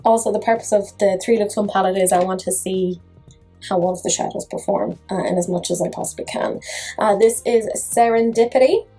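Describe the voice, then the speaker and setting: A woman's voice: mid-range voice, steady tone, a little fast, warm tone, husky, faint music behind, rough recording. A woman chatting casually through a makeup review, full of self-mocking jokes. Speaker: makeup vlogger.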